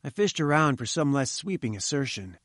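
A man reading a first-person story aloud in a measured, earnest manner. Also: mid-range voice, big pitch swings, a bit bright, dry recording, studio quality. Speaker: audiobook narrator.

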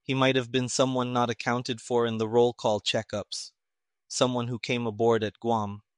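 A man voicing a calm, shrewd male detective who speaks quietly and precisely. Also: medium pitch, moderate pace, clear, resonant tone, dry recording, studio quality, natural voice.

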